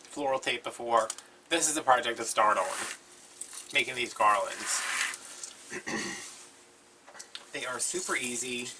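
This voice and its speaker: A man chatting casually and rambling while showing a crafts project as a DIY vlogger. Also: mid-range voice. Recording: from a distance, loud background noise.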